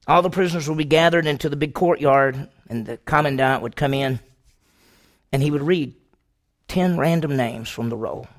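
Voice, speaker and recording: A man preaching a sermon to a congregation, telling a story dramatically, moving from loud questions to hushed, slow passages. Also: on the high side. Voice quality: gravelly.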